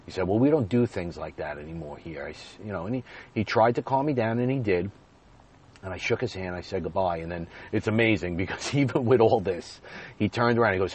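Deep-voiced man telling a personal story. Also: slight background noise. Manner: animated retelling, swinging between loud bursts and quiet asides. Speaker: podcaster.

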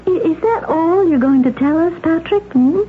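An actress playing a brisk, loyal young woman investigator in an old-time radio drama, with an eager manner. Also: extremely high pitch. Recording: phone-like old radio broadcast, loud hiss.

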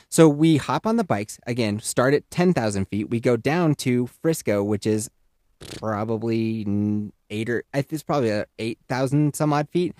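A young man telling a comedic story on a podcast, animated, swearing and laughing at his own story. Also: mid-range voice, no room sound, studio quality. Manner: exaggerated voices for quoted people. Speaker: podcast host.

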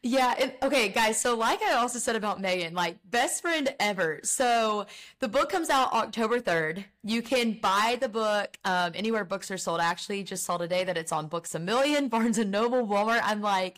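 A woman's voice: mid-range voice, lively intonation, moderate pace, fairly bright tone. A young woman, a guest on a podcast, talking about faith and her book in an earnest, heartfelt way with many fillers. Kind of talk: casual faith chat.

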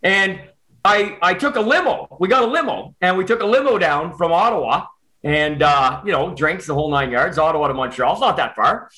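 A Canadian man telling a personal story in casual chat, animated and quick with restarts. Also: a little high, rough recording.

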